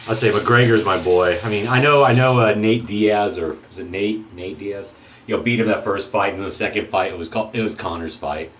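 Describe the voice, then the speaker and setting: A man with a fairly low voice gives his blunt opinions in a loose, rambling monologue. He restarts his sentences often and keeps a casual tone, with faint background noise behind him. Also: normal speed, rough recording. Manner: opinionated, rambling, self-interrupting. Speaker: shaving channel host.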